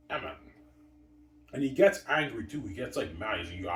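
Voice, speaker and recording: Man ranting, deep voice, echoey room. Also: animated, brisk, slight background noise. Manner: aggrieved, profane ranting. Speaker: vlogger. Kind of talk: rambling solo monologue. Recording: echoey room, far from mic.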